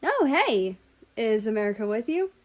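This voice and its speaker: A woman voicing a friendly young male chef with an Italian accent, greeting guests and apologizing warmly. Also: on the high side, sing-song, normal speed.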